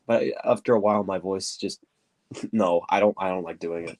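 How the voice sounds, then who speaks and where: A streamer with a deep voice and a stuffy nose answers viewer questions casually while he works. He rambles, pauses to search for words and keeps saying "quote-unquote." His fairly low pitch stays steady, with a darkish tone.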